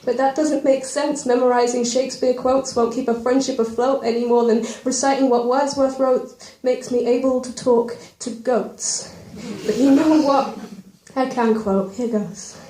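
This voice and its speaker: A young woman at an open mic performing a spoken word poem, with a self-deprecating, quick rhyming delivery and nervous asides. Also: high-pitched, fairly even intonation, warm tone. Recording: roomy live venue recording.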